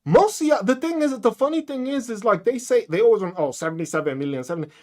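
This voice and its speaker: A man's voice: extremely high pitch, expressive, fast. A man hosting a podcast, ranting in a casual, profane, mocking way with lots of rhetorical questions. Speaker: podcast host.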